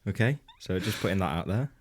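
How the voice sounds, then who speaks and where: A man's voice: low-pitched, lively intonation, fast, husky. A man co-hosting a comedy podcast, telling a rambling anecdote in casual banter, laughing often and swearing freely. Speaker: podcast co-host.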